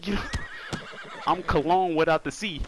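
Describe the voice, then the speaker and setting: A man's voice: a little high, a little slow. Laughing man trash-talking over game noise. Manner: joking trash talk, laughing often. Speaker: gaming streamer. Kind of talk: casual gameplay commentary.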